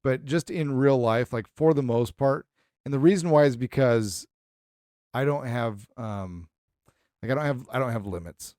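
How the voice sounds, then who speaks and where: A man co-hosting a casual podcast chat, pressing his opinions with firm emphasis. His voice sits at an ordinary pitch and is recorded dry and close. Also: normal speed, a little mellow, no room sound. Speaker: podcast co-host.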